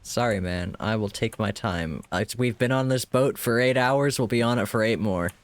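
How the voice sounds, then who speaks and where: A man's voice: medium pitch, normal speed. A man casually commenting on a game during a live stream, joking wryly, swearing freely and talking back to the characters.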